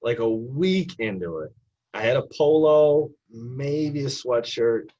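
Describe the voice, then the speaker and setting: A man's voice: mid-range voice, takes it slowly. A young man, an assistant basketball coach, telling stories in a casual podcast interview and acting out the people he quotes. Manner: animated storyteller who acts out the people he quotes. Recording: dull lo-fi podcast audio.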